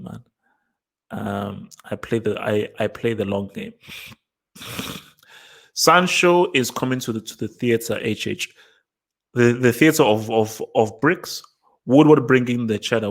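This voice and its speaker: A man hosting a live football fan stream. He taunts his chat, repeats himself, and keeps laughing at the viewers. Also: lowish voice. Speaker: host of a football fan show.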